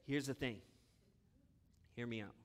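A pastor preaches a sermon with impassioned delivery, swinging between loud, urgent bursts and hushed asides. His voice is mid-range and he speaks a little slowly.

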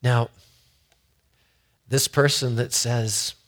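A man's voice: mid-range voice, steady tone, extremely slow, a bit bright. A man giving a conversational sermon in a folksy way, often repeating words as he builds a point. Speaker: preacher.

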